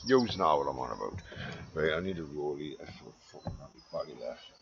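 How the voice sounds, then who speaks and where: A man rambles through a profane monologue, muttering low and then ranting loud. The recording is dull and lo-fi. A faint hiss sits underneath. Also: lively intonation, a little fast, gravelly.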